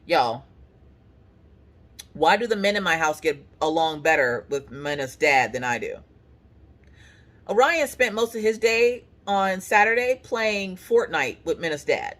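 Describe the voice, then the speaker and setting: A woman, chatting casually to the camera and telling stories with lively quoted voices. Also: on the low side, measured pace. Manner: animated storytelling with voiced quotes. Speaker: craft vlogger. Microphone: camera on the couch.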